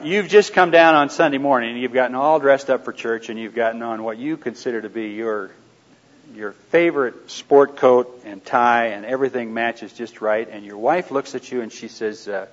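A man teaching a live audience in a conversational way, asking them questions and dropping into quiet asides. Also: mid-range voice. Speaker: seminar speaker. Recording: dull lo-fi recording.

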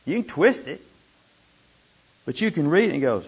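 A man teaching a group how to study scripture, animated and repeating words for emphasis. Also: fairly high pitch, normal speed, slightly rough. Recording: dull lo-fi room recording.

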